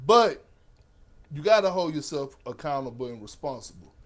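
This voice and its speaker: A man's voice: fairly high pitch, animated, normal speed, a bit bright. A man giving heated, blunt sports commentary as a guest analyst, punching his points hard.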